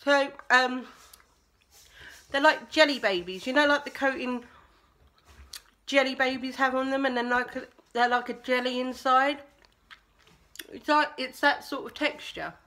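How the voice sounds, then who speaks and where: A woman's voice: high-pitched, steady tone, unhurried, long pauses, sharp tone. A woman vlogging casually at home, chatting with her mouth full as she tries sweets. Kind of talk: casual taste-test vlog.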